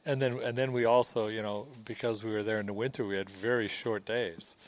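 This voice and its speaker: A man's voice: on the low side, steady tone, fairly quick. A man, the film's director, giving rambling commentary full of restarts. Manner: rambling, with many restarts and fillers. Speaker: film director. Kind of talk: film commentary.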